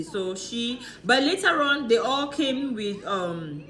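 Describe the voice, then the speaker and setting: A woman's voice: on the high side, big pitch swings, slow, a bit bright. A woman chatting through a casual, gossipy recap of a reality show, laughing often and asking rhetorical questions.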